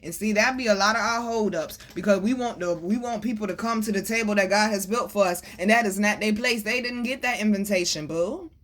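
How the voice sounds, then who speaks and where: A woman giving a casual tarot reading to her viewers, animated and preachy, calling them baby and boo and swearing freely. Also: mid-range voice, fairly quick, few pauses. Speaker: tarot reader.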